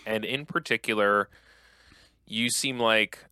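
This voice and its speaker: Bright-voiced male interviewer. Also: fairly low pitch, steady tone, takes it slowly, smooth, no echo. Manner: curious, chatty questioning. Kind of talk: interview questions.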